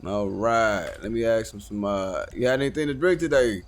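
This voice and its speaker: A man casually commenting on a live game stream, talking to himself with swearing and sudden loud outbursts. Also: fairly low pitch, moderate pace.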